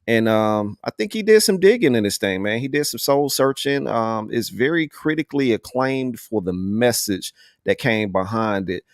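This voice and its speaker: A man's voice: medium pitch, lively intonation, moderate pace, no echo, studio quality. A man hosting a live online music panel in a casual, slangy way, often adding "man", speaking over a video call. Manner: laid-back, slangy, says "man" often. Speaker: host.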